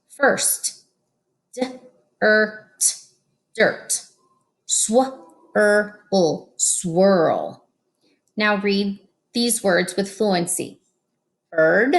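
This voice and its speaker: A woman teaching a phonics lesson to children, slow and patient, stretching out each sound. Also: medium pitch.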